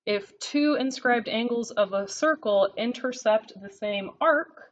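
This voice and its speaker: Unhurried and on the high side, a woman explains math from her notes as she writes during a classroom video lesson, often pausing to ask "okay?". There's slight background noise, and the recording is a bit dull and lo-fi.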